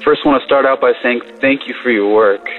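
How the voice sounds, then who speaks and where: A first-time male caller speaks in an earnest, halting way, pausing often as he thanks the hosts. His voice sounds thin and tinny, like it is coming over a phone. Soft music plays in the background. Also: medium pitch. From Southern California. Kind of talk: recorded voicemail to a podcast.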